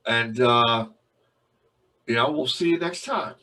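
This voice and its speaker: A man's voice: medium pitch, takes it slowly, sharp tone, far from the mic. A man co-hosting a podcast in casual chat, explaining things at length and tagging his points with "right?". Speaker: podcast co-host.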